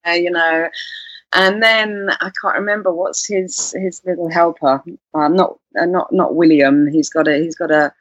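A woman's voice: fairly low pitch, steady tone, normal speed, no echo. A woman guest telling a personal story in an interview, earnest and searching for her words. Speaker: guest, composer and musician.

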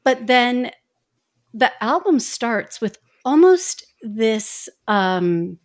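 A woman co-hosting a podcast in casual chat, talkative and quick to laugh, with lots of fillers. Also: fairly high pitch, big pitch swings. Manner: chatty, laughs often, many fillers. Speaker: podcast co-host.

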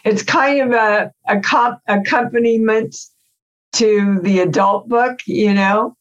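Slow-spoken enthusiastic woman guest. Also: a little high, steady tone, dull audio. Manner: warm, enthusiastic, drawn-out phrasing. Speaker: guest, author. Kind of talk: casual chat.

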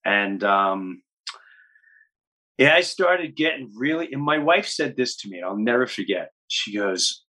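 A man in his fifties, a guest comedian telling stories in an interview, animated and acting out other people's lines. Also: mid-range voice, unhurried. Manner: animated, acts out quotes in other voices. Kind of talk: storytelling in an interview.

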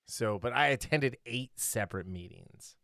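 A podcast host rambles casually, correcting himself and laughing often, and sounds tired after a long day. His mid-range voice is expressive, pushed and bright, at a moderate pace, with studio quality and no room sound.

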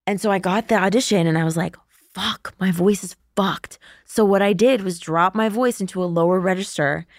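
A woman guest on a podcast, chatting casually with animated, swearing energy and lots of laughter. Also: mid-range voice, quick pace, few pauses, dry recording, studio quality.

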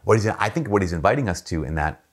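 A man's voice: fast, husky. A man speaking as a Catholic priest in a casual faith talk, telling stories in a chatty way and raising his voice to act out the people he quotes. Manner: storytelling, jumps up in pitch to act out quoted people; relaxed, chatty, with frequent fillers and restarts.

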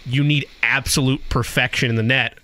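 A male co-host on a sports radio show with a bright, forceful voice. He talks casually and agreeably, chiming in with his own points. The sound is dry and studio-close. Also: mid-range voice, fairly even intonation, normal speed, dry recording.

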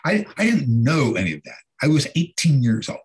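An older man, an actor, telling casual anecdotes about his stage career in an animated way. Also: mid-range voice, fairly quick. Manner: animated anecdotes, mimics the people he quotes. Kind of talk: casual conversational storytelling.

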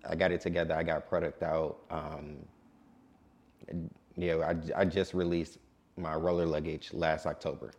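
Man, late twenties, very low voice, calm laid-back DJ guest. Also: normal speed. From Detroit. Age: late 20s. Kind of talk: casual interview.

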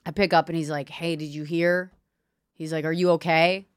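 A woman's voice: sits low, level tone, normal speed, smooth, no room sound, clean studio sound. A woman comedian and sketch writer in casual chat, telling a candid, reflective story.

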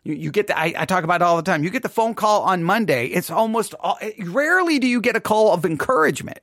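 A man, a pastor, hosting a podcast and commenting on a sermon in an animated, emphatic way, repeating words for effect. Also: high-pitched, quick pace, few pauses, dry recording, clean studio sound.

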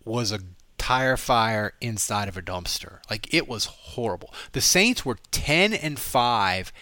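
Bright, quick-talking sports podcast host. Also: male voice, mid-range voice, animated, no echo. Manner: quick, jokey, builds to emphatic points. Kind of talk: casual sports chat.

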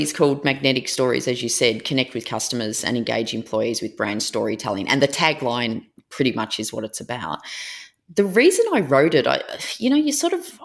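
Woman with a gravelly, creaky voice. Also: very deep voice. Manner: lively storyteller with frequent fillers. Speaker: author and presentation trainer, guest. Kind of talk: interview conversation.

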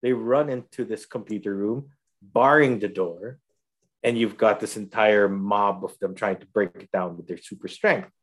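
A man's voice: on the low side, moderate pace. A man casually recapping a TV episode for his co-hosts, retelling scenes and acting out the characters' lines with frequent laughs. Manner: animated storyteller, acts out quotes, laughs often. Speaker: podcast host recapping a TV episode. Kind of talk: casual chat.

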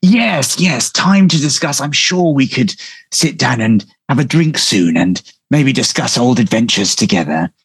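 A man voicing a smooth-talking, sycophantic male rogue who fawns over people. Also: lowish voice, very animated, measured pace, few pauses, no echo, full character voice. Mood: fawning. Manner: ingratiating, fawning.

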